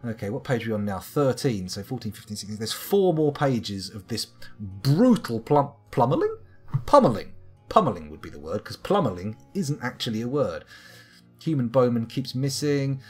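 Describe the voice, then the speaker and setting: A man's voice: mid-range voice, very animated, moderate pace, darkish tone, breathy edge. A man reading combat logs aloud with wry, profane asides as he streams a game live. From United Kingdom. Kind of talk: live-streamed gameplay commentary. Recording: faint guitar music behind.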